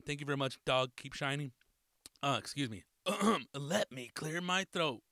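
Male podcast host, bright and punchy, dry close mic, loose and profane delivery. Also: on the high side, lively intonation, measured pace, no room sound. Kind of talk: casual podcast shout-outs.

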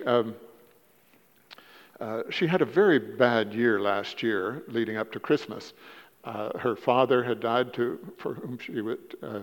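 A man preaching a sermon in a church, telling stories in a halting way, repeating words and rising in pitch for emphasis. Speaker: guest preacher. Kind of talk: sermon with storytelling. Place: church sanctuary. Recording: dull lo-fi church recording with long reverb.

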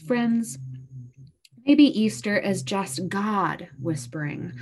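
A woman pastor who co-hosts a podcast, talking casually and then reading a poem softly with gentle pauses. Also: medium pitch. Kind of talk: podcast talk and poetry reading.

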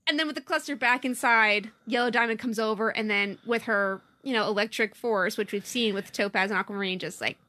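Woman, podcast co-host, bright voice, a little high, excited emphatic recap. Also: fairly quick, few pauses. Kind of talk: casual chat recapping a cartoon episode.

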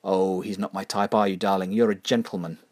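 A man doing a breathy, drawling glamorous diva. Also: deep voice, level tone, fairly quick, darkish tone, no room sound. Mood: teasing. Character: world-weary glamorous female film star, teasing.

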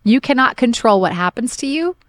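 A middle-aged woman pastor co-hosting a podcast, telling a personal story with lively, animated retellings of her own complaints. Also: fairly high pitch, a little fast, no echo, clean studio sound. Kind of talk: casual podcast talk, testimony.

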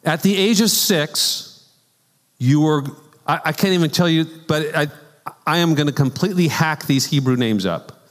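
A man's voice: fairly high pitch, normal speed. A man preaching a conversational sermon as a pastor, telling stories with casual asides. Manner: animated storytelling with asides and laughs. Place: church sanctuary. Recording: long church hall reverb.

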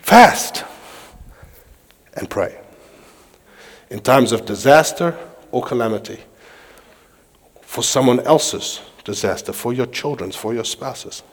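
A man preaching a sermon, reading scripture aloud with animated delivery while pacing. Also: medium pitch, measured pace, pauses often, a little hiss or hum. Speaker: pastor. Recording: long hall reverb.

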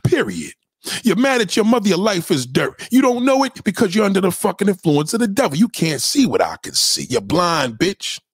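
A man with a high, husky voice holds forth on his livestream, preaching and picking fights. His pitch leaps up and down, and he swears constantly. The sound is dry, with no room around it. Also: big pitch swings, a little fast, no echo. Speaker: livestream host. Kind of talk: profane livestream rant.

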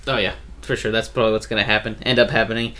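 A man's voice: fairly low pitch, level tone, rapid-fire, sharp tone. A young man hosting a casual podcast chat, joking and laughing easily. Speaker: podcast host.

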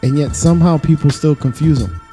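A joking man on a podcast laughs often and slips into impressions. His voice sits a little high with a mellow, warm tone. Faint music runs underneath. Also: brisk. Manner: animated joker, laughs often, does impressions. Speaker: podcast co-host. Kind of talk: casual chat.

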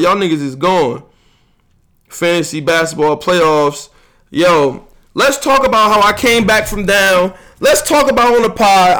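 High-pitched, boastful young podcast host. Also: male voice, fairly bright tone. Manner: boastful, heated ribbing of friends, swearing. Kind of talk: casual trash-talking chat.

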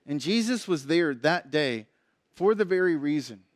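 A middle-aged man preaching a sermon from the pulpit, his voice sitting a little high for a man. He tells his stories with lively shifts, acting out the voices of the people in them. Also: moderate pace. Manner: storytelling, acts out quoted voices. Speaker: pastor.

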